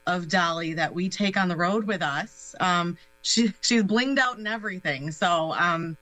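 Bright-voiced woman guest, upbeat. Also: fairly low pitch, unhurried, no room sound, poor audio. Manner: upbeat, many "um" fillers. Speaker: guest, nonprofit special projects director. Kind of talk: casual radio interview.

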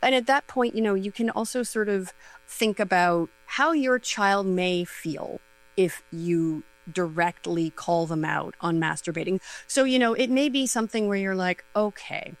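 A woman's voice: medium pitch, moderate pace, low-quality recording. A middle-aged woman, a sexuality educator, chatting casually and giving advice with lots of fillers and light laughs.

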